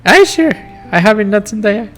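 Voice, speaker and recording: A man putting on a squeaky little rabbit girl. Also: lively intonation, moderate pace, fairly bright tone, soft background music. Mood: tearful. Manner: high, squeaky, childlike. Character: small excitable rabbit girl, eccentric, crybaby.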